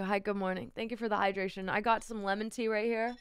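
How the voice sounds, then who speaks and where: A woman's voice: medium pitch, little pitch movement, fairly quick, clean tone, long reverb tail. A woman streaming while sick with covid, chatting casually with a crude, teasing, playful manner. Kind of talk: casual live-stream chat.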